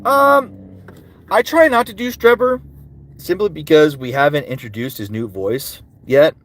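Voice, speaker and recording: This male voice actor's voice is a little high, expressive and unhurried, with a fairly bright tone. He chats casually with fans on a livestream Q&A, answering questions and slipping into character voices between them.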